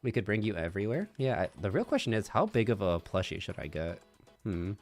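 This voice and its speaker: Lively low-voiced man chatting casually. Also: brisk, faint music behind. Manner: rambling, thinks aloud with hums and little laughs. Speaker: streamer. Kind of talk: casual chat. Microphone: binaural microphone.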